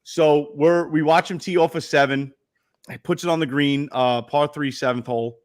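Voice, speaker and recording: A man's voice: fairly high pitch, steady tone, normal speed. A man co-hosting a sports podcast, rambling through stories in laid-back casual chat with lots of fillers. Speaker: podcast co-host.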